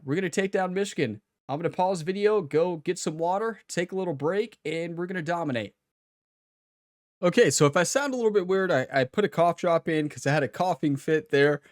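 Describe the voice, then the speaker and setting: A man's voice: on the high side, moderate pace, no echo, clean studio sound. A man giving casual gameplay commentary at a home gaming setup, trash-talking with playful energy. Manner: fired-up, playful trash talk with laughs. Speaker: gaming YouTuber.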